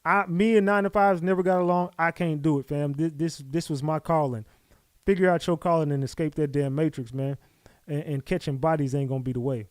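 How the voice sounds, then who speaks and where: Male streamer, slightly high-pitched, loose and casual, keeps repeating his thanks to viewers. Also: steady tone, fairly quick, dry recording. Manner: loose and chatty, repeats his shout-outs. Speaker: livestream host. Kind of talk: casual livestream chat.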